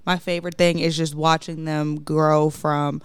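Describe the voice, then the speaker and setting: A woman's voice: sits low, little pitch movement, a little slow, smooth, no echo. A young woman, a teacher, guesting on a family podcast, sassy and sarcastic yet earnest. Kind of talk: casual family podcast chat.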